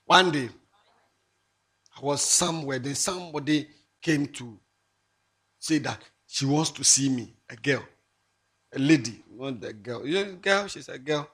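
A man giving a moral talk to students, animated and mixing English with local phrases, rising to emphatic shouts. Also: medium pitch, a little slow, pauses often, slightly rough. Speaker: speaker addressing students. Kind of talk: moral talk to young people.

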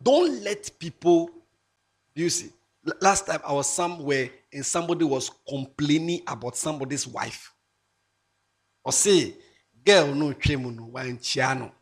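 A man giving a moral talk to students, animated and mixing English with local phrases, rising to emphatic shouts. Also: fairly high pitch, unhurried, long pauses, husky. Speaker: speaker addressing students. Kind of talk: moral talk to young people.

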